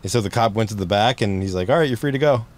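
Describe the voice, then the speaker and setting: A man hosting a podcast, chatting in a relaxed way and sharing anecdotes. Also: fairly low pitch, racing. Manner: relaxed, brief reactions and anecdotes. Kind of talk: casual podcast chat.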